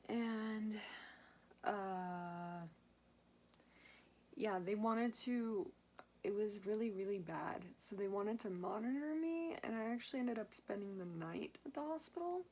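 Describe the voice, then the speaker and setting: A young woman speaking straight to her camera at home, chatting through a personal story in a loose, rambling way. She trails off, backtracks and fills the gaps with ums and likes, at an everyday pitch. A faint hiss sits under the recording. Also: takes it slowly, darkish tone. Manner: rambling, many fillers and asides. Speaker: vlogger.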